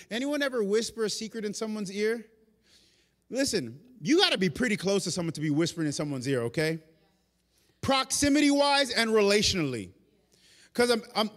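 Pastor, male, preaching live; high-pitched voice with long church-hall reverb; animated, moving from loud to hushed. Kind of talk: sermon. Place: church sanctuary during a live service.

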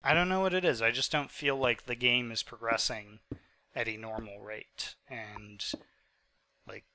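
His voice is medium-pitched, steady and sharp, at a measured pace, with a little hiss or hum in the recording. A twenty-five-year-old gaming host who is sick and hiccuping, he rambles chattily over his own gameplay footage with many fillers.

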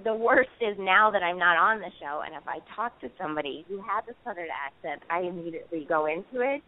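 A woman's voice: fairly low pitch, expressive, fast. A woman in her thirties, an actress being interviewed, talking casually with lots of fillers and restarts. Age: 30s. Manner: chatty, many fillers and restarts, playful. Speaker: actress guest. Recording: phone line.

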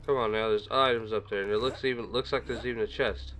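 A low-voiced man rambles over a video game, talking to himself and his viewers as he plays. His desk microphone sits a little far away, and soft game music plays behind him. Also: fairly even intonation, fast, hardly any pauses. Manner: chatty, rambling, talks to himself. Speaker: gaming video creator. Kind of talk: casual gameplay commentary. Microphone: desk microphone set a little far away.

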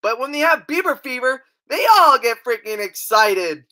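A woman's voice: high-pitched, lively intonation, normal speed, pushed and bright. A woman telling comedy stories in a rambling, stumbling way, with crude, brash asides. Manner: rambling, stumbling storytelling with restarts. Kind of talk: stand-up style comedy bits.

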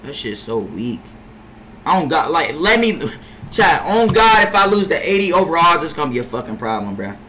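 A young man streaming a basketball game, cursing at teammates, trailing into low mutters, sometimes shouting from farther off the mic. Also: big pitch swings, normal speed, slight background noise. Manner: frustrated trash talk, profanity-heavy, drops into low mutters; bursts into far-off shouts at teammates. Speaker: gaming streamer. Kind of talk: live gameplay commentary.

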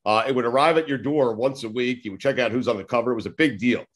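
A man's voice: medium pitch, quick pace. A man in his forties from New York, a sports radio host telling long rambling stories in a casual interview, swearing now and then. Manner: rambling, acts out old conversations, swears casually.

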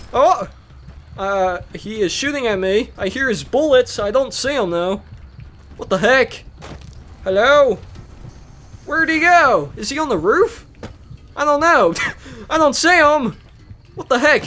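Excitable high-voiced young man gaming. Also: a little hiss or hum. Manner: excitable, rambling, bursts into shouts. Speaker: Let's Play host. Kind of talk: casual gameplay commentary.

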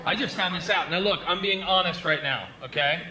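A man performing a stand-up comedy routine on stage, telling stories loudly and with lots of energy. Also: high-pitched, brisk. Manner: loud, animated storytelling. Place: comedy stage before a live audience. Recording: live stand-up with loud crowd noise.

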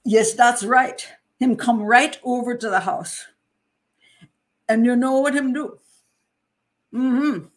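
A woman voicing an older Jamaican woman storyteller in a put-on Jamaican accent, who repeats each line slowly and builds it up. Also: fairly high pitch, voice pushed up. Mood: escalating storytelling. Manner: slow, repetitive, building up the story.

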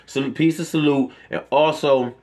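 A vlogger with a slightly high, a little mellow voice keeps a steady tone and moderate pace as he rants straight at his viewers. The monologue is emotional, profane and preachy, returning to his point repeatedly.

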